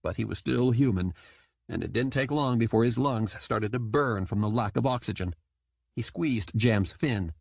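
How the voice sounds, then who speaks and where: A man reading an audiobook in scripted narration, lively and quick to slip into character voices. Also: medium pitch, vocal fry, no echo, studio quality.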